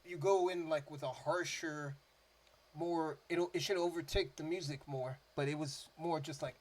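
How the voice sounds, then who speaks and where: A man's voice: a little high, steady tone, moderate pace. A man giving casual, rambling reaction commentary as a music reaction host, his talk loose and full of "like" fillers.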